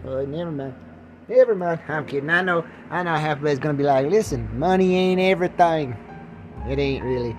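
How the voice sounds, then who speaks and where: A man's voice: fairly high pitch, fast talker, soft background music, rough recording. Rambling joking man on his podcast. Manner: joking, self-mocking, jumps into put-on voices. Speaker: podcast host. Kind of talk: rambling casual monologue.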